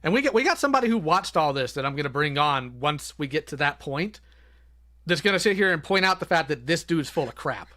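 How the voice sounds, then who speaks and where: A man's voice: fairly high pitch, expressive, a little fast, sharp tone. A man hosting a live stream, ranting scornfully at a video clip over voice chat. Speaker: streamer host. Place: home, voice chat.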